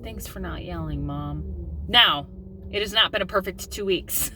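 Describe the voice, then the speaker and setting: A woman's voice: fairly low pitch, moderate pace, sharp tone, slight background noise. A woman in her thirties talking candidly in a personal vlog, open and confessional with filler ums. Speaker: mom vlogger.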